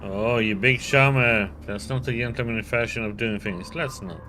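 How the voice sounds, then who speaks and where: A man's voice: medium pitch, normal speed, sharp tone, slight background noise, lightly acted. A man voicing a playful, flirty woman secretary of about thirty, speaking in a teasing, sing-song way in a video game.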